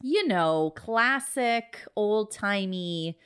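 A woman's voice: very slow, clear, resonant tone. A woman co-hosting a podcast in casual chat, playful with dry asides. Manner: playful, dry asides, lively pitch swings. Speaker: podcast co-host.

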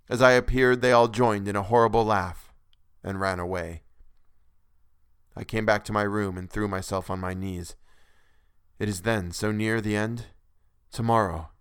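Low, clear-voiced male storyteller. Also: dry recording, studio quality. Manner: earnest, dramatic first-person narration. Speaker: narrator. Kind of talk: dramatic reading of a classic novel.

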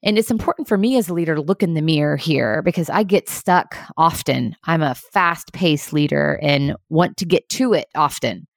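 A woman's voice: low-pitched, no room sound, clean studio sound. A woman giving an earnest, emphatic motivational talk to leaders. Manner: earnest, fast-paced and emphatic.

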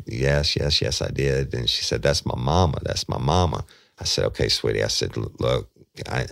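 A man's voice: rumbling low, gravelly, fairly bright tone, no echo, studio quality. A man, a former detective, telling a true crime story in a folksy way and replaying the dialogue line by line. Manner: folksy, retells dialogue with repeated "I said".

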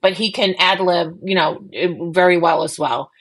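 A woman's voice: on the low side, steady tone, normal speed. A middle-aged woman with a Boston accent chats away as a podcast co-host. She talks in a loose, self-deprecating way and often stumbles and restarts her sentences. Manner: chatty, self-deprecating, many restarts and fillers. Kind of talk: casual podcast chat.

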